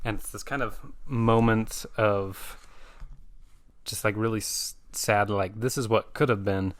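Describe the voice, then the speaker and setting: Male comics reviewer, casual, explanatory, low voice, dry close recording. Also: steady tone, unhurried, dry recording. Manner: explanatory, recapping the story with fillers. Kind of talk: casual chat.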